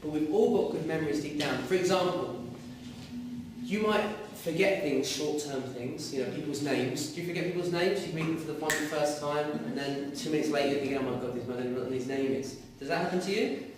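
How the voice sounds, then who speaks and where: A man's voice: fairly high pitch, brisk, noisy background. Man teaching in an echoey classroom. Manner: lively, asks students questions. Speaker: Arabic teacher. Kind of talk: classroom lecture. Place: classroom with students. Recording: echoey room, mic far off.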